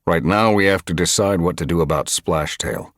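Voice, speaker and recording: A man's voice: sits low, normal speed, fairly bright tone, dry recording, studio quality. A man voicing a firm, determined male cat who leads his clan, in an audiobook. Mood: insistent. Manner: firm, insistent. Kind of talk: audiobook character voice.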